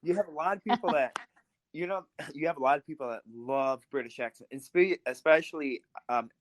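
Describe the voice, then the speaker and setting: A man's voice: a little high, fairly quick, a loud crowd. A man hosting a podcast, talking casually and laughing as he speaks. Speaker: podcast host.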